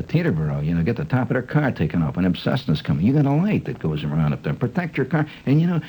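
A man voicing a sly, fast-talking male car salesman who confides in a wheedling, conspiratorial patter. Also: on the low side, mellow, a little hiss or hum, poor audio.

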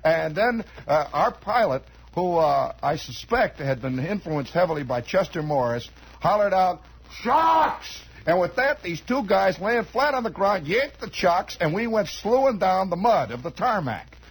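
A man with a high, strikingly husky voice tells a rambling comic story. He drifts into asides and starts sentences over, keeping a chatty, conversational flow. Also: expressive, normal speed, hardly any pauses, rough recording. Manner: digressive, chatty, many asides and restarts.

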